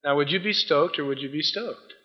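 A man's voice: fairly high pitch, brisk. A man preaching a sermon as a pastor, telling a story with energy and acting out the voices of a judge and a defendant. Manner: animated storytelling, acting out both sides of a courtroom scene. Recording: dull lo-fi sound.

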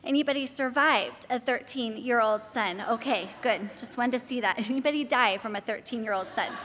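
With slight background noise, a women's ministry speaker in her thirties delivers a chatty sermon in a church hall to a live crowd. Her voice is on the high side and fairly bright, and she talks fairly quickly, posing questions to listeners before praying and reading scripture.

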